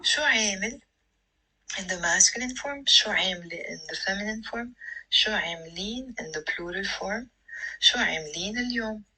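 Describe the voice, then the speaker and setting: A woman from Lebanon with a Lebanese accent, a language teacher going through phrases in a measured, repetitive way. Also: medium pitch, sharp tone, husky, low-quality recording. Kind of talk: scripted phrase lesson.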